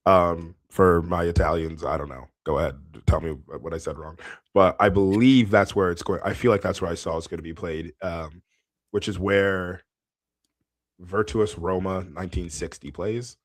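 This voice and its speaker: Low-voiced rambling man on a podcast. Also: fairly even intonation, moderate pace. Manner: rambling, laughs often, many fillers. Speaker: podcast co-host. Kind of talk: casual chat.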